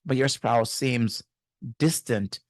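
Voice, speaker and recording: A man's voice: medium pitch, slow, dry recording, clean studio sound. A middle-aged man, a marriage and family therapist, giving faith-based relationship advice in an earnest, teacherly way and speaking to the viewer directly.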